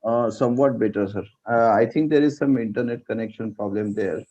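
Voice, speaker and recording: A man's voice: medium pitch, brisk, dark tone, dull audio, slight background noise. A man moderating an online session, speaking politely and deferentially over a video call.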